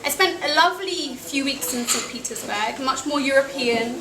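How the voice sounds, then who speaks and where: High-voiced British woman telling travel tales. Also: animated, normal speed, a crowd in the background. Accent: British English. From England. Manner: wry, self-deprecating, with small laughs. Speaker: storyteller at a live event. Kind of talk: personal travel story told to an audience. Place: cafe event room. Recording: echoey cafe with noisy ambience.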